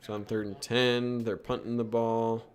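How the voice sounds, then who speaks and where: A young man casually breaking down football film live, reacting with quick exclamations as plays unfold. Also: mid-range voice, level tone. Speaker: podcast co-host.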